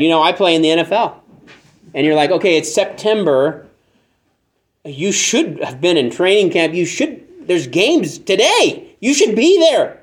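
Conversational male preacher, slightly high voice. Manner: conversational, joking asides, animated when acting out examples. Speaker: pastor. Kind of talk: sermon.

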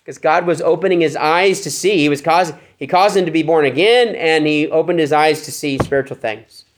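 A male pastor leads a Bible study, reading scripture aloud and posing rhetorical questions. His voice sits fairly high and moves a little fast.

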